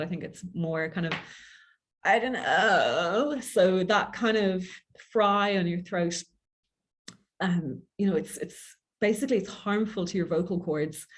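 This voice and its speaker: A woman with an Irish accent giving a quick, chatty public speaking workshop, self-deprecating and informal. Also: lowish voice. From Ireland. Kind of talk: workshop talk.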